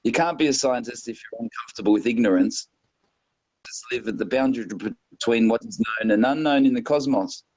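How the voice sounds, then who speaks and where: A man's voice: mid-range voice, fairly quick, darkish tone, poor audio. A man in a casual online hangout, reading quotes aloud and mocking them with sarcastic asides. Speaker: hangout participant.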